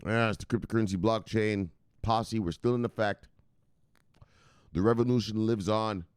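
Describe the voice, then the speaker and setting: A man's voice: on the low side, fairly even intonation, normal speed, clean tone, no echo, studio quality. A man hosting a casual vlog, talking loosely with lots of swearing and laughter at home. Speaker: host.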